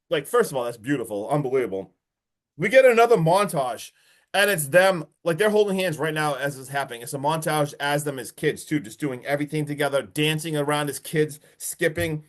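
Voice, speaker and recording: Podcast co-host, male, slightly high voice, animated and profane, rambling recap. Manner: excited, swears a lot, many fillers. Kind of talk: casual movie recap.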